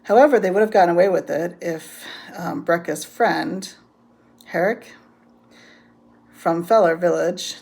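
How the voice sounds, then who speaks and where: Female book reviewer, casual chatty recap, gravelly voice with vocal fry. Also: lowish voice, darkish tone. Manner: rambling, many ums, laughs often.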